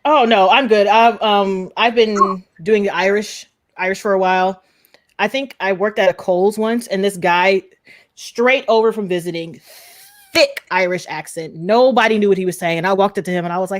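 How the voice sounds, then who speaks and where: A woman co-host in a loose, casual chat. Her voice is middle-pitched. She talks fast and gets excited easily. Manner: fast-talking, excitable, laughs a lot.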